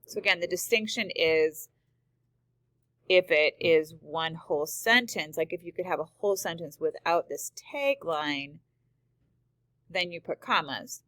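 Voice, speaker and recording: A woman's voice: sits low, measured pace, fairly bright tone, no room sound. A woman teacher explaining punctuation rules step by step, reading example sentences aloud. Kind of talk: screen-recorded grammar lesson.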